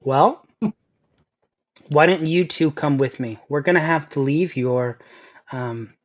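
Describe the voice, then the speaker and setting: A blunt, suspicious goblin chieftain holds court in his cave, as a man puts him on. His voice sits a little high, and the recording sounds dull and lo-fi. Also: slow. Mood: gruff. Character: male goblin, gruff cave clan leader.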